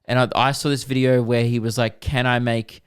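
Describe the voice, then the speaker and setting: A man in his twenties co-hosts a podcast, telling rambling stories in casual chat and quickly acting out what people said. His mid-range voice is clear and resonant, though his delivery is flat.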